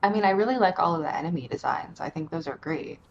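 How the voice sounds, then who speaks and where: A tired woman chatting casually as a podcast guest, rambling excitably and swearing freely. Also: on the low side, fast, gravelly, slight background noise. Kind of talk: casual chat. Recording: dull lo-fi mic.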